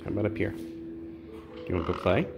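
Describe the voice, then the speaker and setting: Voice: low voice, lively intonation, normal speed, heavy background noise. A bird sanctuary caretaker chatting to pet parrots in cooing baby talk indoors, with asides to viewers. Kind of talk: casual vlog, talking to pet parrots. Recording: loud music playing behind.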